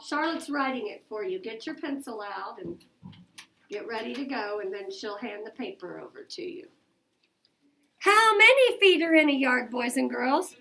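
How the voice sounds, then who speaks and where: High-voiced woman teaching math. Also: creaky, fairly bright tone, slight background noise. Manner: brisk, coaxing questions to the class. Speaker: elementary school teacher. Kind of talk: classroom math lesson.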